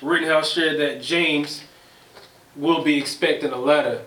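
A man's voice: fairly high pitch, fairly even intonation, a little slow, a bit bright, distant mic. Easygoing man in an echoey room. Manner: laid-back, short agreeing replies. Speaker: co-host. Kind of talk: casual podcast chat, reading news. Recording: echoey room, voice off-mic, faint noise.

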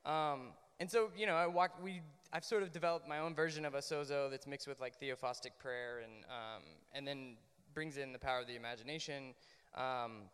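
A man on a discussion panel, telling a personal story in a casual, animated way with lots of fillers and restarts. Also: medium pitch, moderate pace, clear, resonant tone, big-room sound. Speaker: panel guest.

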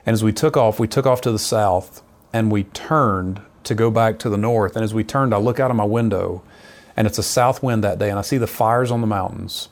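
Gravelly low-voiced man telling his story. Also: fairly quick. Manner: earnest storyteller, lively retelling. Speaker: missionary. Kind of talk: personal testimony in conversation.

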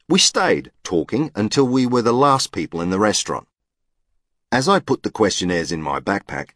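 A man's voice: low voice, no room sound, clean studio sound. A man narrating a novel in the first person with a precise, matter-of-fact manner. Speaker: audiobook narrator.

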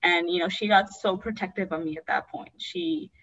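A woman's voice: on the low side, very animated, moderate pace, fairly bright tone, dull audio. A young adult woman, a guest, candidly telling an emotional personal story and acting out the voices she quotes.

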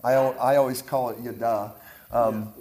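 Pittsburgh-accented male guest preacher, energetic and repetitive, fairly high voice, echoey room with listeners answering. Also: normal speed. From Pittsburgh area, Pennsylvania. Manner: energetic, repeats words, checks in with "right?" and "amen?". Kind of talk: charismatic preaching to a leadership group. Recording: echoey room with audience responses. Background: audience responses.

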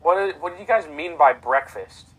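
A man's voice: fairly high pitch, lively intonation, moderate pace, a crowd in the background, low-quality recording. Young man chiming in with quips. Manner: quiet, chimes in with quips. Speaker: podcast co-host. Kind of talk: casual sports chat.

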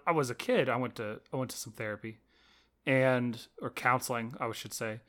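A man's voice: mid-range voice, moderate pace, fairly bright tone. An American man co-hosting a podcast, chiming in with wry questions and jokes in casual chat. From United States. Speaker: podcast co-host.

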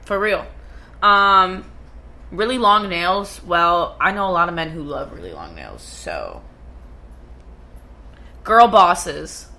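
Young woman, bright tone, blunt, sweary, casual podcast chat. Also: lowish voice, big pitch swings, slow, pauses often. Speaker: podcast co-host.

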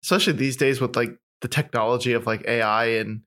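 A man's voice: mid-range voice, steady tone, fairly bright tone. Easygoing young man co-hosting. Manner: easygoing, quick to laugh along. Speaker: podcast co-host. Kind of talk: casual chat.

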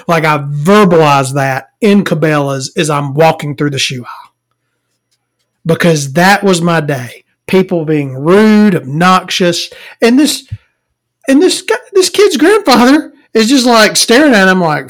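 A woman telling a profane, rambling story in an exasperated rant. She swears heavily and swings between loud outbursts and low mutters. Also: animated, moderate pace.

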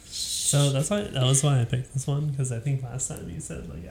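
A woman's voice: rumbling low, normal speed, gravelly, background noise. A young woman co-hosting a podcast in easygoing, teasing casual chat, laughing often. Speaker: podcast co-host.

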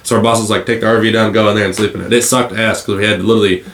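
A man co-hosting a podcast, telling a profane, animated story in casual chat. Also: fairly low pitch, very fast, roomy sound, slight background noise. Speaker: podcast co-host.

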